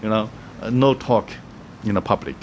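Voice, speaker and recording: A man giving travel tips in a casual, halting way, with many fillers, restarts and frequent chuckles. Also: on the low side, slight background noise. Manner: chuckles often, acts out little quoted voices. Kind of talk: casual explaining to camera.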